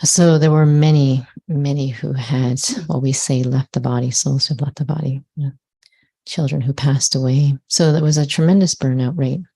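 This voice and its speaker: A woman hosting an interview, asking questions in a soft conversational way. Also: very deep voice, steady tone, moderate pace, breathy edge, no echo. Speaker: interviewer, host.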